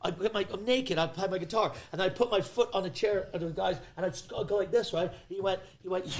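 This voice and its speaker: A man with a notably high speaking voice tells rambling comic stories as a podcast guest. He gets excitable, trips over his own restarts, and acts out the people he is describing. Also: fairly quick, hardly any pauses. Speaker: guest comedian.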